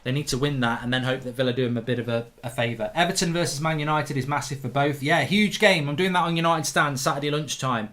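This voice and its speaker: A man hosting a live football watchalong, reading viewer comments aloud and answering them with quick, opinionated asides. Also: medium pitch, fairly bright tone. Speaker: host.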